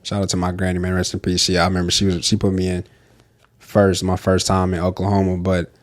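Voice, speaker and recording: A man co-hosting a podcast in casual, slangy chat. He jokes and answers with quick agreeing remarks. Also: low-pitched, completely flat delivery, no echo. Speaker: podcast co-host.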